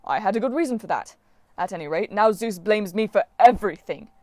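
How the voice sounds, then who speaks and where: A woman's voice: medium pitch, animated, a little fast, a little mellow, no room sound, lightly acted. Brief: woman reader as melodramatic male god, theatrical diva, dry read. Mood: dramatic. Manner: wailing, theatrical, self-pitying. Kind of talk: audiobook character voice.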